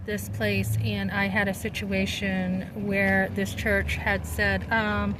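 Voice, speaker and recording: A woman's voice: medium pitch, level tone, takes it slowly, background noise. A middle-aged woman in a casual vlog, telling a story in an indignant, rambling and emphatic way. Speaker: vlogger.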